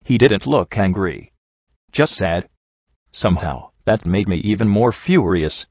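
A man narrating a first-person audiobook in a steady, introspective storytelling manner. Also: on the low side, unhurried, no room sound. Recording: dull lo-fi dry recording.

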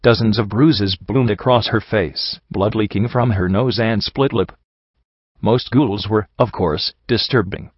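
A man with a lowish voice narrates a story in the first person, steady and measured. The recording is dry and a little dull, with no room sound. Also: breathy edge, no room sound. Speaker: audiobook narrator.

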